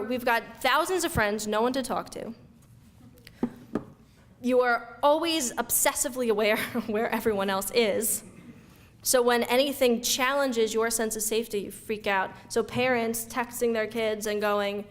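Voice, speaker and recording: A woman giving an energetic, conversational talk to an audience, acting out everyday reactions as she goes. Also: a little high. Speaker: speaker giving a talk on youth mental health. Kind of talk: lively lecture to an audience. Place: event room before an audience.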